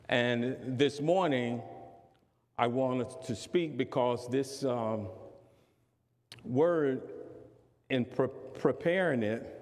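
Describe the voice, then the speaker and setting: A man preaching a sermon as bishop, measured and deliberate, rising to forceful emphasis on key words. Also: mid-range voice, in a large hall. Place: church sanctuary.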